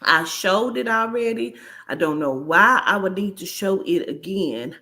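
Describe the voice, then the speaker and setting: A woman's voice: medium pitch, animated, a little slow, sharp tone. A woman, delivering brash, profane, mocking reaction commentary as a host. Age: 40s.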